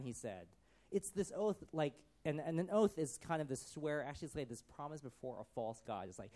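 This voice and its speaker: A man preaching, reading scripture and retelling it in casual commentary with acted-out voices, swinging from loud to hushed. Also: a little high, expressive, brisk. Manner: acts out quotes in varied voices, conversational asides. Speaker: pastor.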